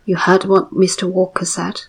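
A woman reading the lines of an irritable, tense colonial official in a breathy whisper, speaking curtly. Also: sits high, monotone, moderate pace, heavily acted. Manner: curt, sharp.

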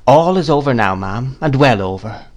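A man reading aloud voices a meek, mild country doctor who speaks softly and deferentially. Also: medium pitch, animated, normal speed, natural voice. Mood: soothing. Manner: soft, timid, deferential.

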